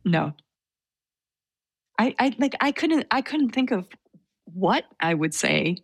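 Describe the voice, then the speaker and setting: A young woman telling a personal story in an interview, soft-spoken and hesitant with many fillers. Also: fairly high pitch, sing-song, slow, breathy edge, no room sound, studio quality. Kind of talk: conversational storytelling.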